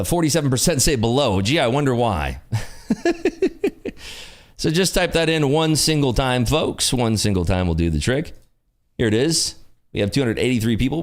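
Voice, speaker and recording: A man hosting a live day-trading stream, chatting in an upbeat, jokey way. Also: medium pitch. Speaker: day-trading livestream host. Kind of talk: casual live commentary.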